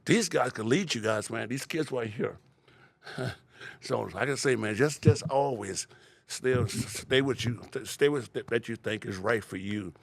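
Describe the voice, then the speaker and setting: A man's voice: medium pitch, unhurried, vocal fry, no echo. A man in his sixties chatting as a podcast guest in a laid-back, rambling way, laughing often and peppering his talk with "man". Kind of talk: casual interview chat.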